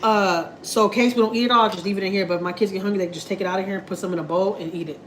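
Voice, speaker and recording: Texan woman, live home-kitchen cooking chat, slangy, mid-pitched, recorded on a phone. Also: steady tone, racing, a little hiss or hum, poor audio. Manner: chatty, slangy, laughing asides. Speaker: family vlogger.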